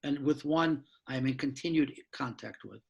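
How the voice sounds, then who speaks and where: A man in his sixties, a law professor and author, giving a frank, blunt talk with mild swearing and quick asides, from his apartment over a video call. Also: medium pitch, vocal fry, husky, highs cut off. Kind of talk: candid lecture-style talk.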